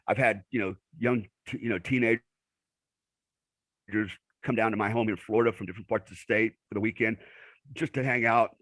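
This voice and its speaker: A man's voice: lowish voice, fairly even intonation, a little fast, pauses often, fairly bright tone, dry recording. A middle-aged man, a military veteran guest in an interview, telling blunt stories with many filler words. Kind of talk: conversational interview.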